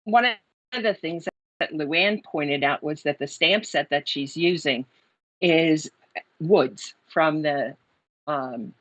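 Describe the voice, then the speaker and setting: A woman guest on a video call to a crafting show, talking haltingly with many pauses. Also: low-pitched, a bit bright, dry recording. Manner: hesitant, halting, lots of ums. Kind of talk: casual livestream chat. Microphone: remote video call. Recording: dull lo-fi video call audio.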